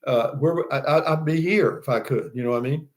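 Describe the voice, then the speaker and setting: Hosting a laid-back live stream, this older man from Texas reads out viewer comments and chats a little fast in a fairly high-pitched voice. His talk is folksy and meandering, full of restarts and the phrase "you know what I mean."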